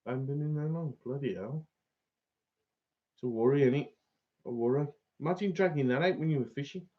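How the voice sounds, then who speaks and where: Male host, casual and chatty, average pitch, lo-fi recording. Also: a little fast. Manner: chatty, laughs often, reads out viewer comments. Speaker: fishing channel host. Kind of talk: casual live-stream chat.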